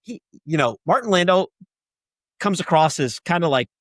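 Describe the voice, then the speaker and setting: A man co-hosting a casual movie podcast. He talks haltingly, with many fillers and restarts, and acts out quoted lines in put-on voices. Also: fairly high pitch, lively intonation, no room sound. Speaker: podcast co-host.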